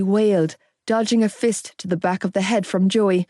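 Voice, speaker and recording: A woman narrating a romance audiobook in the first person, expressive and unhurried. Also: medium pitch, no room sound, studio quality.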